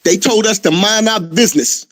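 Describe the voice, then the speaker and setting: Emphatic high-voiced man, dry sound. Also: normal speed, a bit bright, dry recording. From United States. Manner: emphatic, streetwise, addresses listeners as family. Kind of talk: casual opinion talk.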